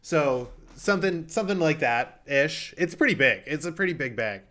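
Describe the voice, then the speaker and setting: A man's voice: on the high side, animated, normal speed, sharp tone. A man hosting a game show, chatting loosely with frequent ums. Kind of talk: casual hosting banter.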